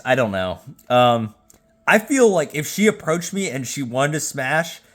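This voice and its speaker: A man who has been drinking hosts a casual rating video from home, rambling and stammering with sudden excited bursts. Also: mid-range voice. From Jacksonville, Florida. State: tipsy from drinking. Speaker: YouTube host. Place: at home with a phone. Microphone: phone.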